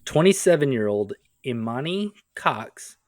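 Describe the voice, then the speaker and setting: A man's voice: mid-range voice, very animated, measured pace, a little mellow, no echo, studio quality. A man co-hosting a comedy podcast, telling stories casually with wry joking asides. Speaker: podcast co-host.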